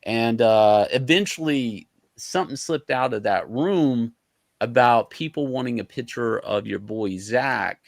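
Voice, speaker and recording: A man guesting on a podcast, a comic artist telling stories in a casual, animated way, swearing freely and acting out the arguments he recounts. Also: mid-range voice, a little slow, creaky, dry recording, clean studio sound. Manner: animated, profane, acts out quoted arguments.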